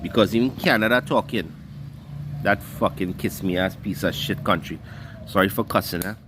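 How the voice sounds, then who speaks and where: A man's voice: fairly low pitch, moderate pace, noisy background. A man with a Trinidadian Creole accent, delivering a heated, scornful monologue and cussing freely. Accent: Trinidadian Creole English. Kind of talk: ranting monologue.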